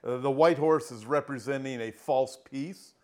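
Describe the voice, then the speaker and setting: A middle-aged man preaching an earnest prophecy sermon, slowing down and rising in pitch as he reads scripture aloud. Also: mellow. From Southern California. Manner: earnest, emphatic, slows down and rises when reading scripture.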